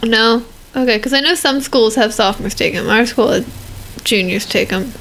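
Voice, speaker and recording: Teenage girl, podcast co-host, high voice, joking, quick to correct herself. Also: fairly bright tone, slight background noise, low-quality recording. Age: teens. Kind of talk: casual chat.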